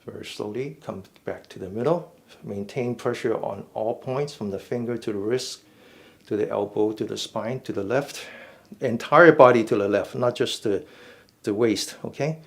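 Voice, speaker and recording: A man leading a mindful fitness class, giving slow, step-by-step stretching cues and often checking in with "okay?". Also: on the low side, vocal fry, darkish tone. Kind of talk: guided stretching instruction.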